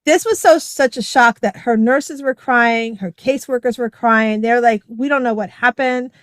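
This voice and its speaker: A woman's voice: a little high, moderate pace, a bit bright, no echo. A middle-aged woman chatting as a podcast guest, telling a personal story casually and often saying "like" and "right?". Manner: chatty, heavy use of "like" and "right?".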